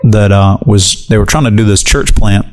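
Man telling a lively story. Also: lowish voice, normal speed, soft background music. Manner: animated storyteller, acts out quotes. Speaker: guest evangelist. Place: radio studio.

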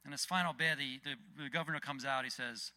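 A man giving a casual, conversational sermon with Bible readings and lively retellings. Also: medium pitch, a little fast. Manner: conversational, animated, frequent restarts. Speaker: preacher.

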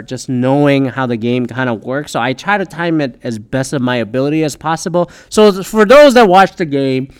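A man's voice: mid-range voice, darkish tone, clear, resonant tone, no echo, clean studio sound. A young man telling a story in a rambling, casual way, swearing often and filling gaps with "uh" and "like.". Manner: rambling, heavy swearing, frequent fillers.

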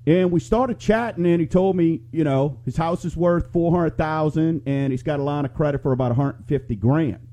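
A middle-aged man talks on live radio in a loose, rambling, chatty way. His voice sits a little high for a man but sounds mellow and soft rather than bright. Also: normal speed, few pauses. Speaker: radio show host and mortgage lender. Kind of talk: live talk radio chat.

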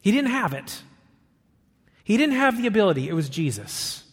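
A man preaching a sermon as pastor, emphatic, rising on his questions and dropping low and soft for quotes. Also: sing-song, moderate pace, breathy edge, in a large hall.

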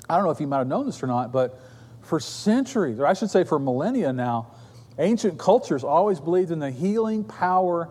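A man's voice: a little high, darkish tone. A man preaching a sermon as pastor, telling stories in a conversational way with casual asides to his congregation. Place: church sanctuary. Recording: long reverb of a church hall.

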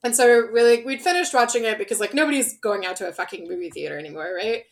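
High-voiced woman, casual rambling chat. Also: quick pace. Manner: animated, profane, many fillers and restarts.

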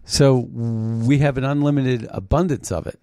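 A man hosting a political commentary show, talking in a mocking, halting way with frequent restarts. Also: mid-range voice, fairly even intonation, mellow, no room sound, studio quality. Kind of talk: opinionated commentary monologue.

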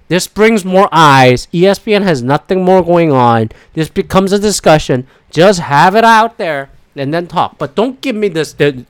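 Man, podcast co-host, fired-up sports rant, lots of swearing, slightly high voice. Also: lively intonation, moderate pace, smooth. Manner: heated, profane, rambling.

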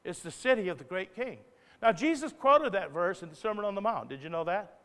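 A man preaching a live sermon as pastor, talking conversationally and then building to loud, emphatic, impassioned bursts. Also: high-pitched, animated, a little fast, smooth. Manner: conversational asides, stops himself to rephrase. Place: church hall. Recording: live church recording with long reverb.

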